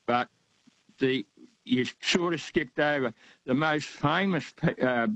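A man's voice: on the high side, takes it slowly, a bit bright, no room sound, rough recording. An older man, calling in to a radio talk show and rambling with many fillers and hesitations. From Australia. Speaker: radio caller. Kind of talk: casual phone-in chat.

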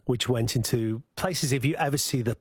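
Man, Scouse accent, husky voice, dry close studio sound, chatty guest chef. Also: mid-range voice, moderate pace, dry recording. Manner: chatty, explains at length with restarts and fillers. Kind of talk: casual cooking chat on radio.

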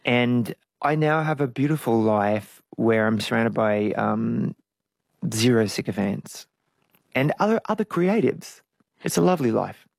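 A man's voice: medium pitch, animated, measured pace, creaky, no echo. A middle-aged man, a guest musician, telling his story candidly in an interview and acting out his own past voices. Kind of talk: conversational interview.

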